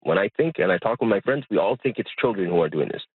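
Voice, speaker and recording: Over a tinny phone line, a man from Montreal calls in to a radio show and rants angrily. His husky voice is expressive and fast, the recording dry, and he keeps repeating himself, his pitch rising in disbelief.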